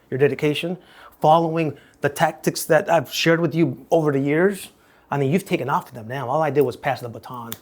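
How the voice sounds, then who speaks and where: A middle-aged man hosts an interview, speaking in a folksy, colloquial way. His voice sits a little high. He asks his questions with easy warmth and a lively delivery. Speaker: interview host. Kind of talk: interview conversation.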